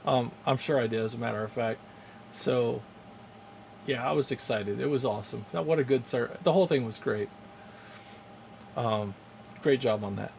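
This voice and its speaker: A man's voice: mid-range voice, normal speed, vocal fry, pauses often, darkish tone, slight background noise. A man casually chatting on a live stream, rambling with many fillers, chuckling often and greeting viewers in chat. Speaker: streamer hosting a game channel.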